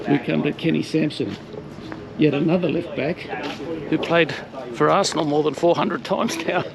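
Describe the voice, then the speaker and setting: A man's voice: a little high, vocal fry. A middle-aged man chatting casually as he walks around outdoors, telling stories with lots of hesitations and fillers. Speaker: vlogger touring a stadium. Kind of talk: casual walking-tour commentary. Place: outdoors around a city stadium. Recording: noisy outdoor street recording.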